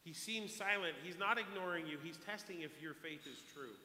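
Passionate preaching pastor in echoey hall. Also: male voice, fairly high pitch, normal speed, hardly any pauses. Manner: passionate preaching, swinging from hushed to loud. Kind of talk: sermon. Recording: echoey hall with long reverb.

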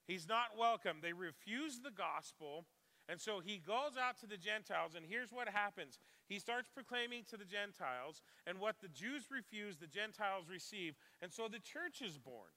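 A man's voice: sits high, lively intonation, moderate pace, pushed and bright, big-room sound. A man preaching a sermon in a church, talking conversationally and putting questions to the congregation. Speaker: pastor. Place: church sanctuary.

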